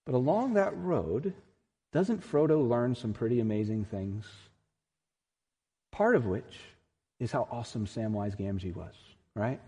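Unhurried and expressive, with long pauses, a male pastor gives an earnest, emphatic sermon that climbs to forceful peaks. His mellow, slightly husky mid-pitched voice is followed by the lengthy reverb of a large hall after each phrase.

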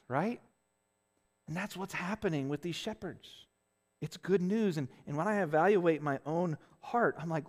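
In a space with a long reverb tail, a man with a high-ish voice speaks at normal speed. He's a pastor giving an earnest, conversational sermon, frequently restarting his phrases and adding tag questions like "right?".

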